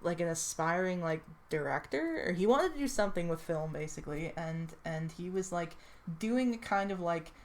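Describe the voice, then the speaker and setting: A woman's voice: fairly low pitch, expressive, normal speed. A woman in casual chat, presenting a character she made. She rambles, swears freely and laughs often. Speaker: character creator presenting her character.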